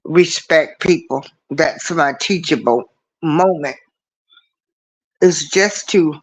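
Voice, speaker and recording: A man's voice: on the high side, takes it slowly, pauses often. A man hosting a casual livestream show, talking earnestly and in a preachy way, repeating his points as he speaks into a computer mic.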